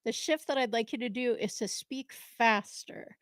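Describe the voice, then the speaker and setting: A woman from New England co-hosting a show, talking casually and haltingly, with many fillers and frequent laughs. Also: on the high side, no echo, clean studio sound. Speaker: podcast co-host. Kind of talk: live casual conversation.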